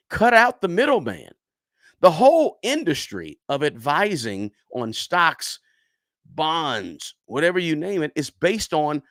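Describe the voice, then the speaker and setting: Emphatic man with lively, dry voice. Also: a little high, no room sound. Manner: emphatic, repeats words for stress, frequent "right?". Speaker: personal finance YouTuber. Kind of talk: casual talk to camera.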